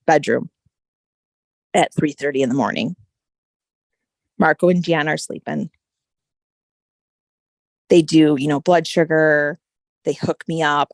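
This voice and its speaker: A woman guest telling a personal story in casual conversation, animated and full of "like" and "right?" fillers. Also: deep voice, gravelly, dry recording, studio quality. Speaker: podcast guest.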